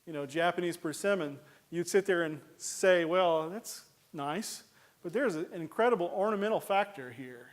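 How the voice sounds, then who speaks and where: A man giving a casual, folksy lecture on garden plants, rambling with many uhs and restarts. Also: sits high. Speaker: horticulture lecturer. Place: lecture hall.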